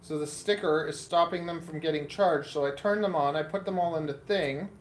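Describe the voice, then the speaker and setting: A man's voice: a little high, brisk, a little hiss or hum. A man hosting a casual live stream, rambling and muttering to himself while he sets up equipment indoors. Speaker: livestream host.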